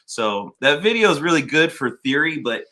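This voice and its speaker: Bright-toned guy hosting a laid-back chat, swears a lot, gets loud retelling stuff. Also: on the high side, normal speed. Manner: storytelling, swears freely, animated when retelling. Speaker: podcast host. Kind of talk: casual chat.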